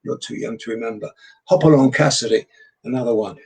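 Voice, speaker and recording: Older English entertainer, husky, raconteur who acts out his anecdotes. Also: mid-range voice, brisk, low-quality recording. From England. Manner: animated storyteller, acts out quoted voices. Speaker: guest entertainer. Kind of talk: anecdotal chat.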